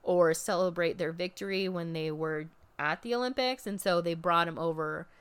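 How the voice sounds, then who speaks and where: A young woman in casual chat, recapping a wrestling event. She talks in a lively way and jumps into high mocking voices when she quotes people. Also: normal speed, clear, resonant tone.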